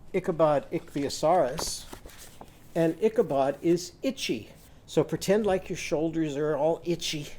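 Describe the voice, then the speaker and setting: A man with a mellow, slightly high voice leads a children's phonics lesson. He talks slowly and sings sounds out for the children to repeat. His manner is patient and sing-song. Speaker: teacher.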